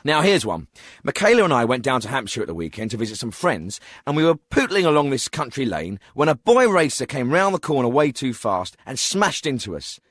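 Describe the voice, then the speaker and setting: An actor playing a tactless radio phone-in host, with a pompous, glib manner in a comedy phone-in. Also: male voice, medium pitch, sing-song, a little fast, a bit bright, dry recording, studio quality. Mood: smug. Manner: pompous and glib, with offhand insults. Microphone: studio microphone.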